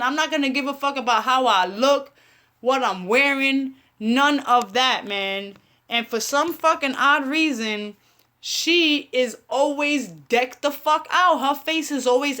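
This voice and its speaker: Brash New woman host, high and sharp, profane casual commentary. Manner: blunt, profane, heated, talks to her chat. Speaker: online radio show host.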